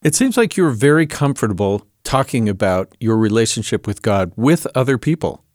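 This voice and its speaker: A man asking interview questions in a calm way. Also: mid-range voice, normal speed, dry recording, clean studio sound.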